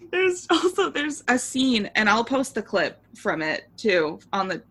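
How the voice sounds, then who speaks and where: A woman's voice: on the high side, big pitch swings, slow pace, fairly bright tone, slightly rough. A woman co-hosting a podcast in casual chat, laughing hard and swearing freely as she retells favorite scenes. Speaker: podcast co-host.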